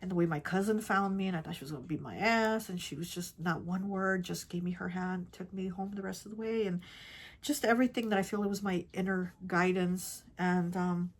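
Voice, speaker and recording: A woman tarot reader telling a personal story in casual chat, rambling and repeating herself, often dropping to a soft, hushed voice. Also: lowish voice, fairly even intonation, brisk. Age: adult with children. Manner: rambling, repeats herself, many "like" and "you know".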